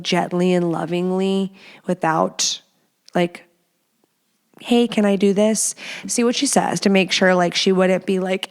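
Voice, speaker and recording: A young woman hosting a podcast, giving casual advice in a chatty, playful way with many fillers. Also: mid-range voice. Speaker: podcast host.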